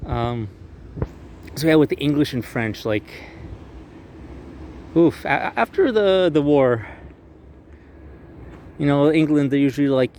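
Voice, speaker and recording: A man's voice: a little high, lively intonation, slow, long pauses, a little mellow, a little hiss or hum. A young man giving a casual walking tour outdoors on a city square. He swears freely, jokes around, and slips into mocking voices when quoting historical figures. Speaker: tour guide vlogger.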